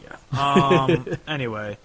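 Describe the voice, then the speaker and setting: A young man from the Chicago area chats loosely as a podcast co-host, wandering off topic and breaking into laughter. His voice is bright and forward, with an easy, playful, rambling manner. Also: mid-range voice, lively intonation, takes it slowly. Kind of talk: casual chat.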